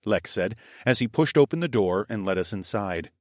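Low-voiced man narrating a fantasy audiobook. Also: no room sound, studio quality. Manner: measured, steady storytelling.

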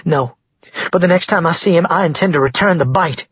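Male narrator doing a scared young woman, raised and breathy, trembling; dull recording. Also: on the high side, brisk, a bit bright, dry recording, pitched above the performer's own voice. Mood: wry. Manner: trembling, anxious. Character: frightened young woman shapeshifter, tremulous.

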